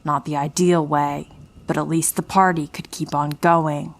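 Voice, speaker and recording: A sinister female spirit living inside a lifelike doll, voiced by a man, speaks in a flat, sarcastic monotone. The voice sits well above a man's natural pitch and has a hollow, altered quality. It suits a horror story told by a single narrator. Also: unhurried, creaky. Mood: cold, mocking.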